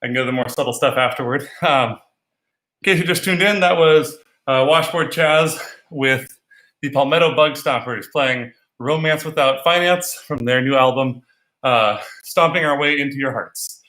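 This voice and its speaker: Bright-voiced man teaching dance in an echoey room. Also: mid-range voice, normal speed, far from the mic. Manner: counts beats aloud in rhythm, instructive. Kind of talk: dance lesson with counting.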